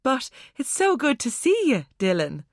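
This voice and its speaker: A woman voicing an unhinged young woman who talks about murder with a mocking calm. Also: high-pitched, measured pace, no echo, studio quality, pitched above the performer's own voice, exaggerated voice. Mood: shrill, excited. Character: unhinged young Irish woman, cold and menacing.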